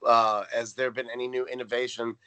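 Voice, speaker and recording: A man with a bright, forceful voice talks through a sitcom episode in relaxed podcast chat. He swears casually and slips into quick voices for the characters. His pitch sits in the middle range for a man. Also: clear, resonant tone, dry recording, low-quality recording. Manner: animated, swears casually, acts out character lines. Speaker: podcast co-host.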